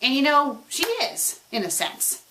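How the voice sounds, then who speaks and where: A web show host answers her viewers' questions in a casual vlog, speaking in a high voice at a slightly slow pace. She's animated, swinging between excited and subdued, and she repeats words when she stumbles.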